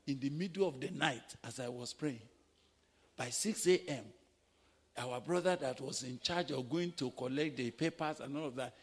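Nigerian pastor preaching, bit husky, kinda high voice, big echoey hall. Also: male voice, animated, moderate pace, pauses often. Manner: dramatic, acting out quoted voices, swinging from hushed to shouting. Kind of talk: sermon with storytelling.

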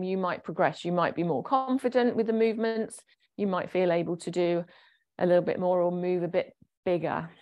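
A woman guides a gentle exercise class at a mid-range pitch. She talks in a chatty, encouraging way and explains each movement as she goes. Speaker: fitness instructor.

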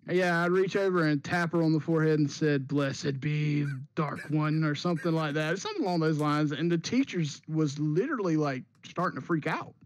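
A podcast host tells a long story in a loose, animated way, often repeating words as he restarts. His voice sits a little high for a man. The sound is dry and close. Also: fairly quick, hardly any pauses, no room sound. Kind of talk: casual storytelling chat.

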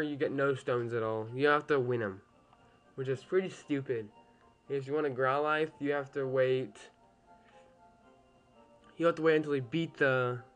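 A young man casually commentating a game he is playing at home, chatty and easily annoyed, swearing at the game now and then. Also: mid-range voice. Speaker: gameplay commentator.

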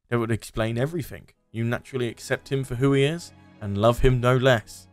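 A man's voice: mid-range voice, fairly even intonation, fairly quick, hardly any pauses, soft background music. Sardonic man reading a game aloud. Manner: sardonic, laughing at the absurd story. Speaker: gaming video host.

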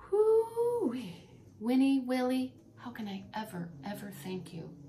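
A woman's voice: sits high, sing-song, moderate pace, slight background noise, pitched above the performer's own voice. A woman voicing a kind, grateful female fruit tree in a children's storybook reading. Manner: gentle, warm and thankful.

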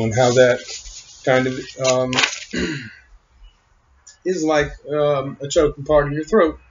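A man talking in a rambling, halting monologue, full of fillers and trailing thoughts. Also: mid-range voice, slightly rough. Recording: muffled lo-fi recording.

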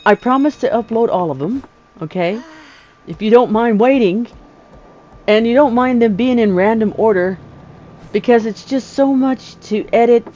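A woman talking casually over her own gameplay, chatty and excitable, laughing often. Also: fairly high pitch, moderate pace, a little hiss or hum. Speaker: gamer. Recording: slightly dull lo-fi sound.

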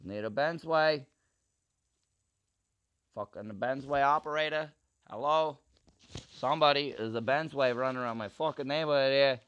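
A man making a prank phone call, ranting in a profane, irritated way with loud outbursts. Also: mid-range voice, clean tone. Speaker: prank caller.

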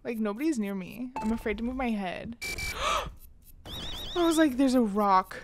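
A woman streaming a game, talking excitedly, gasping, shrieking and swearing, and dropping to whispers while she hides. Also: fairly high pitch, brisk, over music. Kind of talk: excitable gaming stream commentary.

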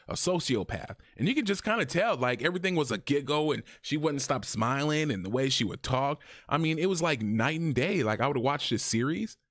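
A man's voice: no echo, studio quality. Chatty man reviewing a series. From Arizona, USA. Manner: chatty, animated, often rises in pitch when quoting. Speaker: YouTube reviewer. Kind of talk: casual review vlog.

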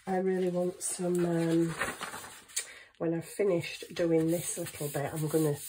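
A woman's voice: fairly low pitch, little pitch movement, unhurried, noisy background. A woman chatting casually in her home kitchen, thinking aloud as she works on a craft. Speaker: craft vlogger.

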